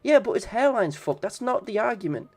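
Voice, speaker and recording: A man's voice: high voice, big pitch swings, a little fast, husky. A man streaming casually, swearing and bantering with his chat.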